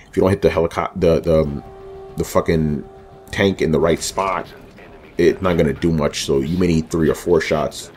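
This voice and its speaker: A man's voice: low-pitched, darkish tone. A man giving casual commentary over a video game walkthrough, rambling loosely with lots of fillers and joking asides about himself.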